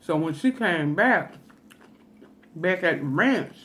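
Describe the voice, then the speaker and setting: A woman's voice: lowish voice, animated, takes it slowly, fairly bright tone, slight background noise. A woman food vlogger telling a funny story in a chatty, folksy way while eating, with laughing asides.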